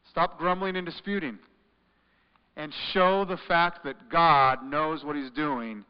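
A man preaching a sermon, reading scripture and urging his listeners, his delivery swinging between loud emphatic lines and quiet questions. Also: fairly high pitch, steady tone, slow, clean tone. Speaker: pastor. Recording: muffled sound with long reverb in a large hall.

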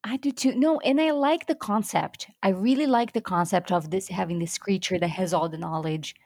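A woman's voice: mid-range voice, moderate pace, darkish tone, slightly rough, dry recording, studio quality. A woman co-hosting a casual rewatch podcast who acts out her reactions with animation. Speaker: podcast co-host.

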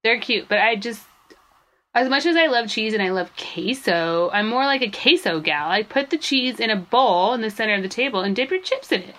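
Bright, bubbly woman gushing. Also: a little high, lively intonation, brisk. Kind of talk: casual chat.

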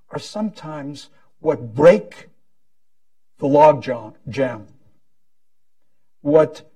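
A man answering on a panel, speaking slowly and hesitantly. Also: fairly high pitch, mellow, far from the mic. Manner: slow, hesitant, measured.

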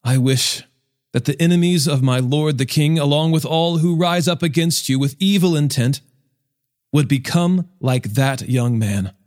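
A man reading the part of a grim messenger who delivers battle news in a measured, grave tone. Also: on the high side, a little mellow, close to an everyday voice.

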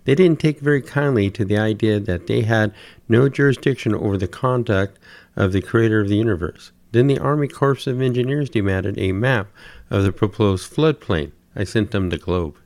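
A man's voice: lowish voice, normal speed, darkish tone, no echo, close to an everyday voice. A man telling it as a weary, harried old Noah. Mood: pleading. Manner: plaintive, listing complaints at length.

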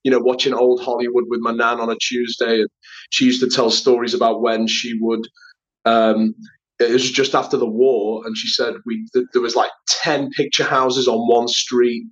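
An actor and writer from Liverpool, England, chats as an interview guest, telling stories, voicing the people he quotes and filling his speech with fillers. His mid-range voice is a bit bright, delivered flatly at normal speed. The lo-fi recording is slightly dull.

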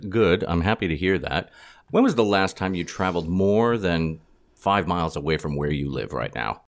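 A man's voice: sits low, lively intonation, moderate pace. A man hosting a podcast from London, playful and jokey in casual interview chat. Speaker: podcast host. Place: home in London.

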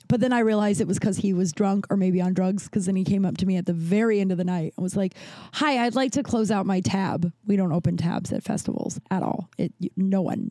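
A woman's voice: mid-range voice, dark tone, dry recording, studio quality. A woman podcast host, a festival bartender, telling a rambling story in casual chat and swearing freely.

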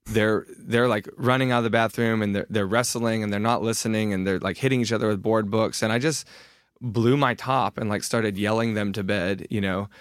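A man in his thirties talks as a podcast guest in a casual, candid way, often restarting his sentences and poking fun at himself. His voice sits on the low side. The sound is dry and close, with no room around it. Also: steady tone, a little fast, clear, resonant tone, dry recording. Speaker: author and guest.

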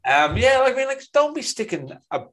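A man co-hosting a casual podcast chat, chatty and quick to laugh, with plenty of fillers. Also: very high-pitched, big pitch swings, fairly bright tone. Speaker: podcast co-host.

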